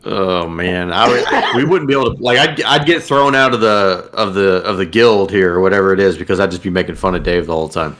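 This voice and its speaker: A man's voice: deep voice, fairly quick, hardly any pauses, a bit bright. A man co-hosting a casual comedy podcast, teasing and mocking his friend. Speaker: podcast co-host.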